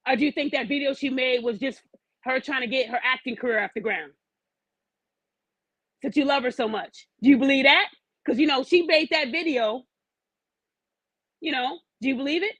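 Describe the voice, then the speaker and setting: With long pauses at a normal speed, a woman with a high, fairly bright voice rants on her podcast, opinionated, blunt, and profane. She throws pointed questions at her audience to challenge them. The recording is low-quality and has no room sound.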